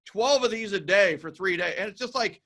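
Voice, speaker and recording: A man's voice: high voice, fairly quick, bright, forceful tone. A man appearing as a guest, talking in an upbeat, encouraging way and checking in with asides. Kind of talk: motivational conversation.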